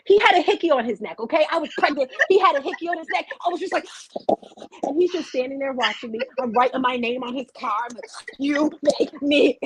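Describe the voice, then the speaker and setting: High-voiced woman host telling stories. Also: quick pace, a little hiss or hum, rough recording. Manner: animated storyteller, candid and joking. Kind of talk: casual chat.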